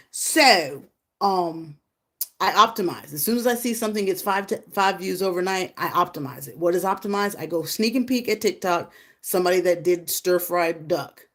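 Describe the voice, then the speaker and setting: A chatty, rambling woman hosts a casual livestream, talking straight to her viewers and greeting them by name. Her fairly low voice leaps into high, loud exclamations.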